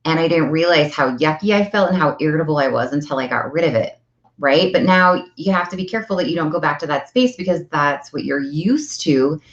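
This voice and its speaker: A woman's voice: low-pitched, animated, brisk. A middle-aged woman giving a chatty, earnest motivational talk to her viewers, repeating phrases for emphasis. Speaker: self-help coach. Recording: echoey room, slightly dull sound.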